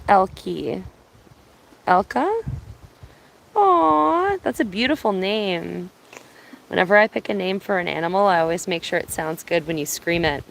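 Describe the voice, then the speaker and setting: A woman from Ontario chatting casually on an outdoor live stream, speaking softly, answering viewers and laughing easily, filming on her phone. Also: lowish voice, moderate pace, gravelly, a little hiss or hum, poor audio. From Ontario, Canada. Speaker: live-streaming bird watcher. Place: outdoors at a cottage. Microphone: phone on binoculars, held by hand.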